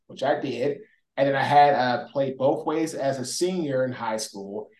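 A former pro football player telling his story as a guest in an interview, energetic and animated. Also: mid-range voice, unhurried. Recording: roomy echo.

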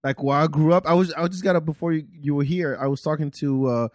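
A man's voice: fairly high pitch, fairly even intonation, fast, no room sound, studio quality. A man from France hosting a podcast, chatting casually with laid-back, teasing banter. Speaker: podcast host.

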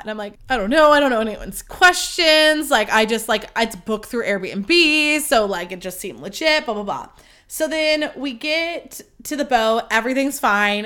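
A woman's voice: fairly high pitch, a bit bright. A young woman hosting a podcast, telling a story in a chatty, casual way, with lots of fillers and swearing. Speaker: podcast host.

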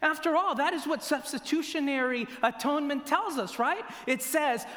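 A man preaching a sermon in a church, asking rhetorical questions and swinging between loud emphasis and near-whispers. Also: very high-pitched. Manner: slow, deliberate delivery with rhetorical questions. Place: church sanctuary. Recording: long church reverb.

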